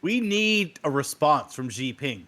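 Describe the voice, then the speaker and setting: A man's voice: a little high, big pitch swings, measured pace, pushed and bright. A man co-hosting a casual comedy talk show, goofy and fond of pushing jokes and mock accents. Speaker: co-host.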